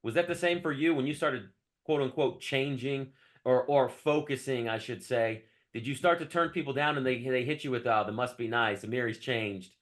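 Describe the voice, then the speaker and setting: Measured male podcast host. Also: medium pitch. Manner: measured, encouraging questioning. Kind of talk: conversational interview.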